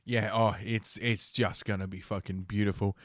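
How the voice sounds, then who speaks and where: A man's voice: fairly low pitch, little pitch movement, moderate pace, a little hiss or hum. Sardonic, profane male podcast host. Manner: sardonic, profane, reads articles with stumbles. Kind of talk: casual news commentary.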